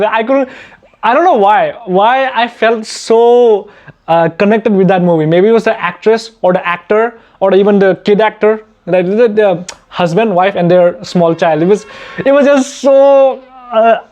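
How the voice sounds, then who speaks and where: Hosting a laid-back Q&A on his channel, a young man from India jokes at his own expense and laughs a lot. His high voice is a little mellow and a bit slow, and the recording has its highs cut off.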